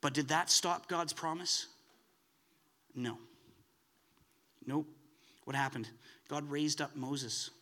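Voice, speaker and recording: A man preaching a sermon with a high, bright voice. He talks in an animated way and often climbs to excited, emphatic peaks. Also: slow pace, long pauses.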